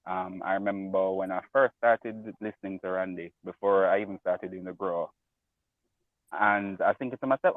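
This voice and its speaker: A man's voice: low-pitched, normal speed, no room sound. Emotional man calling in by phone. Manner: excited, rambling storyteller. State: emotional, near tears. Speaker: caller. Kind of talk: phone-in chat. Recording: tinny phone line.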